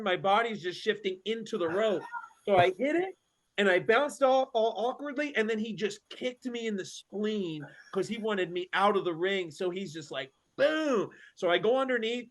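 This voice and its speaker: High-voiced man telling a story. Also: moderate pace. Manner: animated, full of fillers and slang. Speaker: wrestler guest. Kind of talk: casual storytelling.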